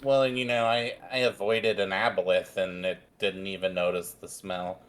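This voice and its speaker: A man taking part in a tabletop game, with a voice that sits on the low side. He answers in a dry, deadpan, casual way. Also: moderate pace. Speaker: player.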